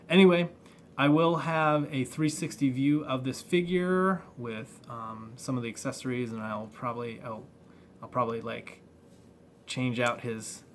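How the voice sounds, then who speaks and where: A man's voice: mid-range voice, fairly bright tone. A man reviewing a toy figure in a casual, rambling way, full of fillers and restarts. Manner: rambling, halting, many fillers. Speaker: toy collector vlogger.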